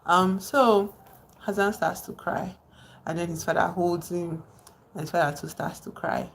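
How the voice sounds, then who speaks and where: This is a woman talking on a live stream with a slightly low-pitched voice. She retells a novel in a loose, conversational way and keeps stopping to greet people in the chat. Faint background noise sits under her voice. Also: fairly even intonation, measured pace, vocal fry. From Nigeria. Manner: chatty, digressive, breaks off to greet viewers.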